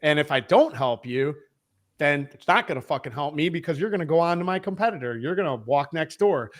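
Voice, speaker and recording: Expressive and a little fast, a man with a higher voice talks about selling as a podcast guest; he is a head of sales. His manner is casual, profane, emphatic and rambling.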